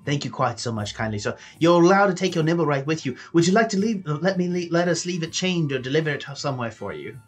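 A man's voice: on the high side, lively intonation, fast talker, hardly any pauses, soft background music, voice pushed up. A man voicing a pompous, fussy male guard officer who stammers, fawns, and rolls his consonants. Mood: deferential. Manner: stammering, overly deferential, rolled consonants.

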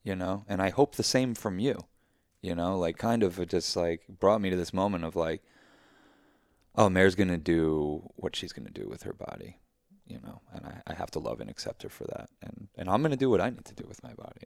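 A man with a very low, gravelly voice, recorded dry and close. He talks emphatically and effusively in a casual, heartfelt conversation, swears freely and uses spiritual language. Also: animated, fairly quick, no echo.

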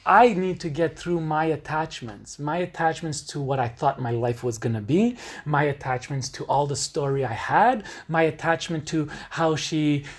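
A man's voice: fairly high pitch, normal speed, hardly any pauses. A man hosting a solo podcast, talking earnestly and emphatically with casual swearing. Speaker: podcast host.

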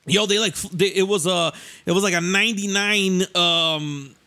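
A young man casually telling a story on a podcast, animated and slangy, often laughing and jumping into voices. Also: moderate pace. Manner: animated, laughing, acts out voices with rising pitch; profane, slangy.

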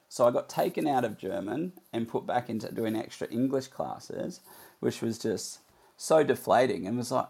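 A man's voice: mid-range voice, moderate pace, gravelly, a little mellow, breathy edge. A man hosting a conversation, earnestly recalling his own school days. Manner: earnest, reflective storytelling. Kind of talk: conversational interview.

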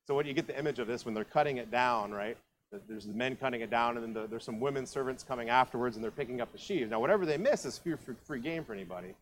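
A man from Ohio gives a sermon as if he were telling a story to friends. He keeps tossing out asides and questions to the congregation, and his voice sits at an ordinary middle pitch. A faint hiss is heard behind him. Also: rapid-fire, poor audio. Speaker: pastor.

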